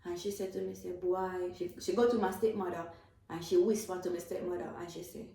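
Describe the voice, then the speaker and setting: A woman's voice: lowish voice, fairly even intonation, fairly quick, creaky, warm tone, slight background noise. Jamaican woman testifying in an echoey room. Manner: earnest, emotional storytelling with repetitions. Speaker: testifying believer. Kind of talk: personal faith testimony.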